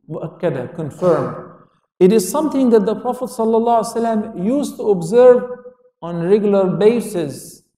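A man's voice: high voice, mellow. Man lecturing in an echoey hall. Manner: questions the audience and answers himself; switches into Arabic quotations. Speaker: Islamic lecturer. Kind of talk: religious lecture to an audience. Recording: echoey hall, speaker far from mic.

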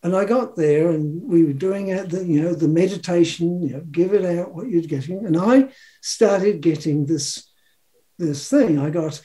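A man's voice: a little high, unhurried, mellow. A New man in his seventies telling a personal story in a rambling, chuckling way, acting out the quotes. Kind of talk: casual storytelling.

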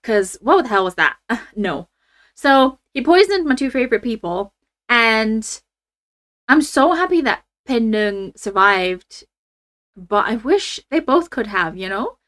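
A young woman hosting a reaction channel, chatting casually and ranting in an animated, exasperated way with laughs and fillers. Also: on the high side, unhurried. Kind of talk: casual reaction chat to camera.

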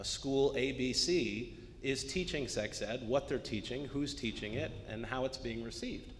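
A man on a discussion panel, making his points in an earnest, emphatic way and stressing key words. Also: medium pitch. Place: arts center event space. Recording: long hall reverb, faint noise.

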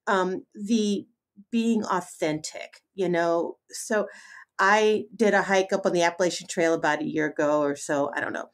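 A middle-aged woman hosts a casual podcast interview. She speaks in an emphatic, heartfelt way and often restarts her sentences. Her voice has a moderate, middle pitch. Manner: warm-hearted, emphatic, many fillers and restarts. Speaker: podcast host.

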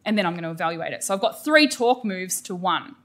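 Bright, emphatic Australian woman teaching. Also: on the low side, fast. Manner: energetic and emphatic, with exclamations. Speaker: teacher educator presenting a workshop. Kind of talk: professional development lecture.

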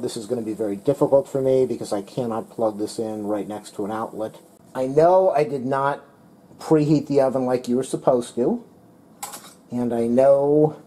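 Mellow-voiced man reviewing a toaster oven. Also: mid-range voice, low-quality recording. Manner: plain, methodical, talks while demonstrating and eating. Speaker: product reviewer. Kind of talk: casual product review narration. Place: home kitchen, indoors.

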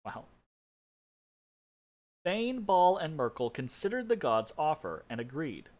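A man's voice: a little high, big pitch swings, slow, darkish tone. A man hosting a casual game playthrough, reading an in-game story aloud with amused asides and laughter. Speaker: let's play host.

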